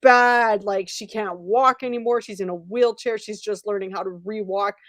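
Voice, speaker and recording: A woman's voice: medium pitch, steady tone, moderate pace, fairly bright tone, dry recording. A woman hosting a talk show, chatty and opinionated. Her phrasing is loose and conversational. The room sound is dry and close. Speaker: host.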